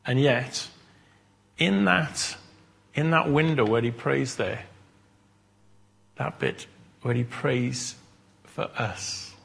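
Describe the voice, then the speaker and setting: A man preaching a sermon, halting and repeating words as he thinks aloud. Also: medium pitch, creaky, a bit bright, slightly rough.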